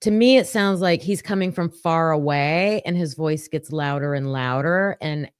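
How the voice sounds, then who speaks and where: Casting note: woman, low voice, unhurried commentary, dry close sound. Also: smooth, no room sound. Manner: thinking aloud with fillers, reading notes. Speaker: true crime commentator. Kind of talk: casual commentary livestream.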